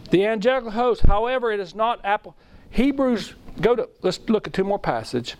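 Earnest high-voiced preacher man. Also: animated, moderate pace. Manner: earnest, emotional, repeats himself, reads scripture aloud. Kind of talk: sermon.

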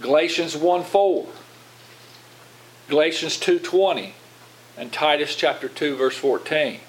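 This man sits a bit higher than most men's voices as he teaches scripture in an informal, chatty way. He keeps turning to his listeners with questions and doubles back on his words mid-sentence. A faint hiss of room noise sits under him. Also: a little slow, poor audio. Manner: informal, asks congregation questions, repeats words. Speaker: pastor. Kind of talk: conversational Bible teaching.

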